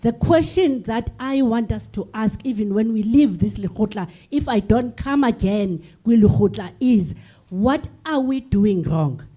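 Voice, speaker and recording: An older woman from South Africa speaks from the floor of a public forum, earnest and emotional, and she circles back to her points. Her voice sits a little high but sounds dark and mellow. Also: expressive, measured pace, slightly rough. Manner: earnest, emotional, repeats herself. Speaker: sector delegate at a forum. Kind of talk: impassioned floor address. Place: large conference hall.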